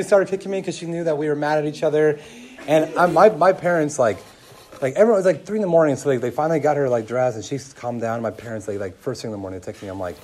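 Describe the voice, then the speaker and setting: A young man preaching a sermon to a room, telling stories in an animated way with many asides. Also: fairly high pitch, quick pace, heavy background noise. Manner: animated storytelling, laughing, lots of "like". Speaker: pastor. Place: room with an audience.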